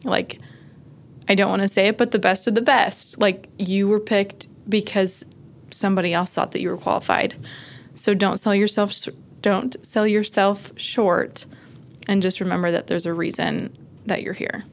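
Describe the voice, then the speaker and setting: A woman's voice: mid-range voice, fairly even intonation, normal speed, vocal fry, a little hiss or hum. A young woman intern speaking animatedly and acting out worried thoughts as she answers.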